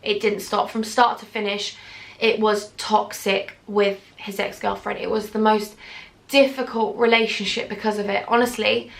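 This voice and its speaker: A woman's voice: mid-range voice, flat delivery, normal speed, creaky. Tearful young woman vlogging. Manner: earnest and heartfelt, speaking straight to viewers. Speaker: YouTuber. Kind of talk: emotional storytime vlog.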